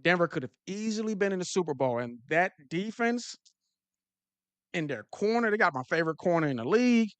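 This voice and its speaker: A man's voice: high voice, a little fast, smooth, no room sound. A man hosting a casual football talk show, riffing to his viewers in slang with lots of restarts. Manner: animated, repetitive restarts and slang. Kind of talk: casual sports commentary to live viewers.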